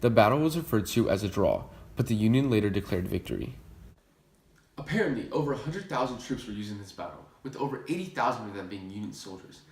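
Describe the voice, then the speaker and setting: A young man reads a history script in a steady voice that sits somewhat low. He makes small slips now and then. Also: fast. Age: young adult. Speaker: student presenter.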